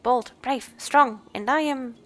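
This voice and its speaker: A woman voicing a gruff, bold warrior woman from a game who scolds bluntly and swaggers. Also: high-pitched, slow, a bit bright. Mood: scornful. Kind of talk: reading game dialogue aloud.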